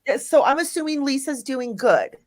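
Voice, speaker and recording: A woman's voice: high voice, lively intonation, normal speed. A woman hosting a live chat, chatty and upbeat, addressing viewers and guests directly. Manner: warmly upbeat, chatty, reads viewer messages. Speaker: live-stream host. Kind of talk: casual live-stream hosting.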